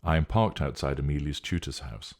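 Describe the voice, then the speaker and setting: A man's voice: rumbling low, a little fast, darkish tone. A man putting on a breezy, dismissive woman. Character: anxious, dismissive younger woman on phone.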